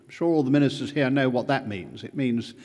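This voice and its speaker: An older man from Britain giving a formal conference speech, measured and emphatic with slow pauses, in a large hall. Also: mid-range voice, a little mellow. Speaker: conference speaker.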